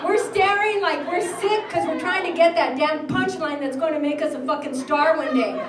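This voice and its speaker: A woman's voice: high voice, moderate pace. A middle-aged woman doing a brash, profane stand-up set in a bar, acting out the people in her stories. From New Mexico, USA. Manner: brash, profane storytelling with acted-out voices. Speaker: stand-up comic. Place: bar stage with a live audience. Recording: roomy club sound from far off, crowd noise.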